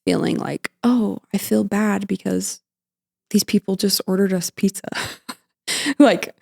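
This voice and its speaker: A young woman guest on a podcast, recounting her mother's hospital visit in a halting, emotional way, with many fillers and restarts. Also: medium pitch, steady tone, gravelly, darkish tone. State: emotional, near tears at times. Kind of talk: emotional personal storytelling.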